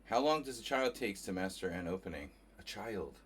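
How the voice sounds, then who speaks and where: Low-voiced man musing over a chess game. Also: sing-song, brisk, a little hiss or hum. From New Jersey. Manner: thinking aloud, chatting with viewers. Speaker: chess streamer. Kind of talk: casual live commentary while playing.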